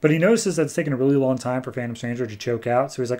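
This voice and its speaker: A man's voice: mid-range voice, racing, darkish tone. Chatty male comics podcast host. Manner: chatty, recaps plots and briefly acts out characters. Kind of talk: casual comic book review.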